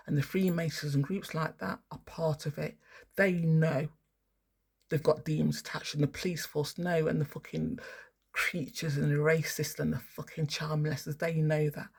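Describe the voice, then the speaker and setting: A woman's voice: sits low, slightly rough. A woman, ranting and swearing heavily in an angry, rambling monologue outdoors. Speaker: spiritual vlogger.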